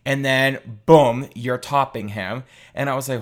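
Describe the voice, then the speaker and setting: A young man telling a casual, candid story, animated and swearing freely. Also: medium pitch, normal speed, few pauses.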